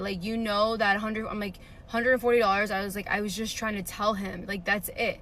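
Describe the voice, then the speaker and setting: Indignant woman ranting with bright tone. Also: medium pitch, level tone, fairly quick, few pauses, a little hiss or hum. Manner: indignant, rambling, lots of "like". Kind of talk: casual storytime rant.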